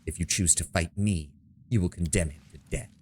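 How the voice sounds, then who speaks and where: A man's voice: sits low, moderate pace, slight background noise, pitched below the performer's own voice, close to an everyday voice. A man reading a gloating cruel cultist woman. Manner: mocking, theatrical. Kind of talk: reading game dialogue aloud.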